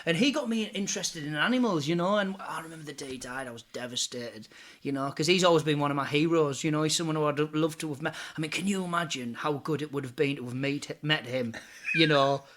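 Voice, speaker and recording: A man's voice: fairly high pitch, fast, fairly bright tone. A man who works as an impressionist and comedian, chatting casually in an interview, laughing often and saying "you know" a lot.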